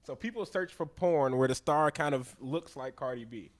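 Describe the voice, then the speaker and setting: A man's voice: mid-range voice, moderate pace. A man co-hosting a casual radio chat show, joking playfully and laughing a lot.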